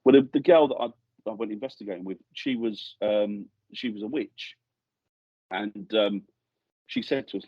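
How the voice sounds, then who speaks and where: A middle-aged man from England, lowish and a bit husky, rambles through ghost-hunting memories in a casual interview. He keeps restarting sentences. The sound is dry, with a slightly dull, lo-fi studio mic. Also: normal speed, dark tone, no echo. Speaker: guest ghost hunter. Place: podcast studio.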